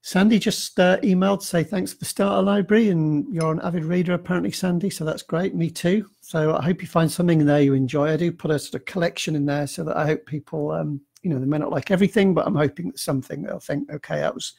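Gravelly, rambling man on a live stream. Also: a little high, fairly even intonation, fast, few pauses, darkish tone. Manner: rambling, self-deprecating, many fillers and restarts. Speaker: author answering reader emails. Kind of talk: casual live-stream chat. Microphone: computer mic on a live stream.

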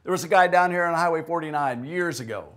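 A man delivers a sermon from the pulpit, speaking in a relaxed, conversational way as he tells a story. His voice sits a little higher than most men's, and he slips into the voices of the people in his story. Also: fast talker. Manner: conversational, tells stories with acted-out quotes. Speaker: pastor. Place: church.

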